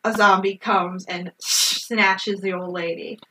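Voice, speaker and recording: A woman's voice: medium pitch, little pitch movement, slow, bright, forceful tone, a little hiss or hum, poor audio. A woman co-hosting a casual movie recap, blunt and laughing often, swearing freely.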